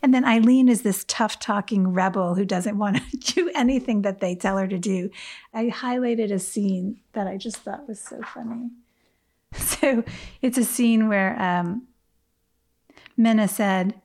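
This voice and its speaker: A woman's voice: medium pitch, a little slow, a little mellow. Laughing, enthusiastic woman discussing a book. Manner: enthusiastic, laughs often, reads passages aloud. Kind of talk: casual book chat.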